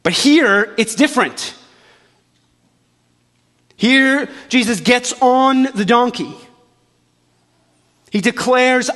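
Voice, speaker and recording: A man preaching a sermon as a pastor, animated and full of restarts, acting out the voices of the people he quotes. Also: very high-pitched, drawn-out words, long pauses, in a large hall. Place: church auditorium.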